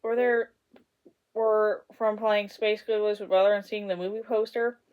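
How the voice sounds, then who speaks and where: A woman voicing a frightened little girl bear cub in a storybook read-aloud, wailing and high-strung. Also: flat delivery, moderate pace, smooth, highs cut off, lightly acted. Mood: puzzled. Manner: frightened and wailing, then inquisitive.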